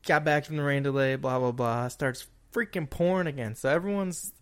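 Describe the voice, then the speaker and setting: A young man co-hosting a podcast, telling a story in a fast, excitable, breathless way. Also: medium pitch, clear, resonant tone. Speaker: podcast co-host. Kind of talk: casual chat. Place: indoor room.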